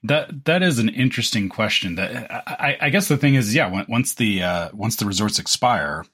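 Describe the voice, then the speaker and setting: A man co-hosting a podcast in casual chat, with a deep radio-announcer voice, rambling and restarting his sentences. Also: animated, normal speed, fairly bright tone, husky. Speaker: podcast co-host.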